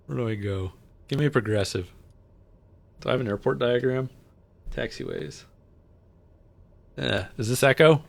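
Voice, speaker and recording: A man's voice: medium pitch, expressive, slow, vocal fry, pauses often. A man hosting a casual livestream, chatting and telling stories with a joking manner while he flies. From United States. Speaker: livestream host and pilot.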